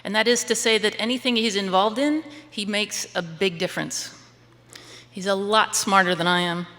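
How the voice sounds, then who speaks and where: A woman's voice: mid-range voice, fairly even intonation, normal speed, a bit bright. A woman reading a prepared, admiring introduction of a speaker at a lecture. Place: lecture hall. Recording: reverberant lecture hall.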